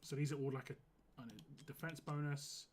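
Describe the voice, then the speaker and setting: A hoarse man streaming a game live, giving casual, rambling commentary full of "like". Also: mid-range voice, steady tone, fairly quick, slight background noise. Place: home gaming setup.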